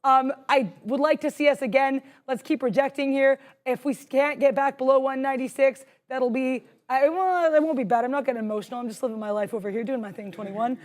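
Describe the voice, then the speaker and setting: Young woman host, high voice, rapid-fire, jittery, bubbly live-stream trader. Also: steady tone, a little mellow. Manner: fast, bubbly, self-deprecating. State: jittery with adrenaline. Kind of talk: live trading stream chat.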